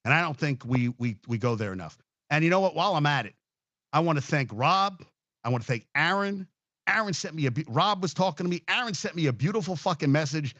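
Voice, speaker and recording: A man's voice: a little high, lively intonation, fairly quick, sharp tone, dry recording, lo-fi sound. A man hosting a casual sports talk show, rambling, swearing freely and getting emotional as he talks.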